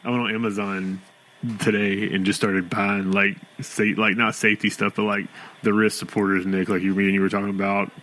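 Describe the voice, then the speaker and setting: A man co-hosting a podcast, talking in a relaxed, rambling way with lots of fillers. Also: lowish voice, a little fast, rough recording. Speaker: podcast co-host. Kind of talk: casual chat.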